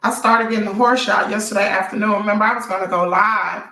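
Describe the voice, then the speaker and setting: Hoarse chatty woman livestreaming gossip. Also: mid-range voice, fairly even intonation, quick pace, sharp tone, reverberant, distant mic. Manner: chatty, addresses viewers directly as y'all. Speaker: celebrity gossip livestream host. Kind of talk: casual livestream chat.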